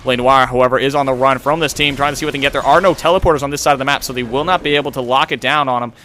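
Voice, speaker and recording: A young man in his twenties calling a video game match play by play, rapid and excitable. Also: mid-range voice, a little hiss or hum. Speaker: esports caster.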